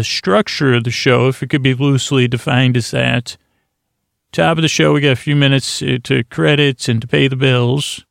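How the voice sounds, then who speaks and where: Creaky, rambling podcast host, man. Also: medium pitch, no room sound, studio quality. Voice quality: creaky, soft and lulling. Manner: meandering, goofy, full of restarts and asides. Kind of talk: rambling bedtime podcast monologue. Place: closet.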